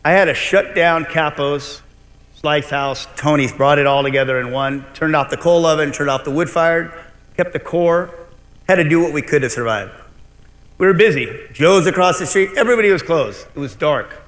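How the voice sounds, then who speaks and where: In a large convention hall full of long reverb, a middle-aged man gives a keynote as a restaurant owner. His voice is fairly high and a bit bright, his pace moderate, and he recounts his story bluntly and animatedly with occasional swearing.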